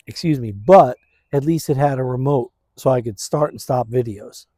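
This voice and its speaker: A man vlogging casually outdoors in his backyard, talking slowly into a phone on a stand, rambling and laid-back, saying "man" and "dude" a lot. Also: medium pitch, gravelly, warm tone, breathy edge, no echo. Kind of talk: casual vlog chat.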